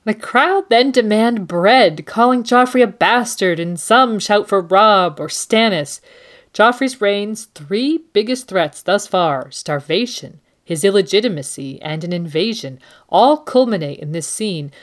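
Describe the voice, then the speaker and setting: A woman's voice: mid-range voice, animated, unhurried. A woman co-hosting a book and TV discussion, giving critical, analytical commentary. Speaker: co-host.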